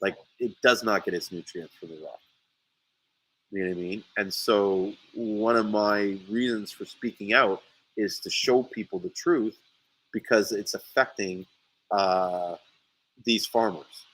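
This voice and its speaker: Guy ranting about a feud, bright voice, swears a lot, keeps restarting sentences. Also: fairly low pitch, a little slow, husky, rough recording. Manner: animated storytelling, swears often, many restarts. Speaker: sea moss seller. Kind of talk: casual podcast chat. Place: St. Lucia.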